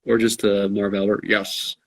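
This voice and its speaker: Man, low voice, heavy vocal fry, husky, flat delivery, casual chat, dry sound. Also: a little fast, dry recording, poor audio. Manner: laid-back, self-deprecating. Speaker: co-host answering viewer questions. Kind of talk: casual live-stream chat.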